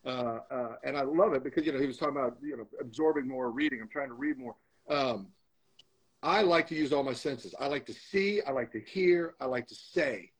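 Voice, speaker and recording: A man's voice: mid-range voice, fairly quick, breathy edge, rough recording. A man being interviewed as a guest, telling a candid story with emphatic, motivational repetition. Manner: emphatic, motivational, repeats phrases for stress.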